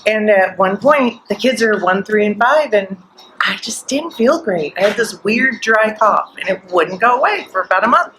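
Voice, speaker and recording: A middle-aged woman guest at a live podcast event, telling her story in an animated way and acting out the voices she quotes. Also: mid-range voice, moderate pace, few pauses, slight background noise, low-quality recording.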